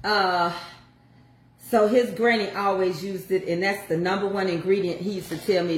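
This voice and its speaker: A woman's voice: mid-range voice, steady tone, normal speed, roomy sound, a little hiss or hum. An older woman chatting folksily to viewers as she walks through a home recipe. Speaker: home cook showing a recipe. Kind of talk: casual cooking chat.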